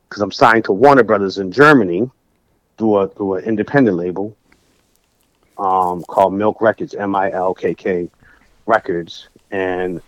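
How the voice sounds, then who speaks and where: Animated middle-aged storytelling man. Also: fairly low pitch, dry recording, lo-fi sound. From New Bedford, Massachusetts. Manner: animated, acts out dialogue. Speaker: music producer, guest. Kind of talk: storytelling in casual conversation.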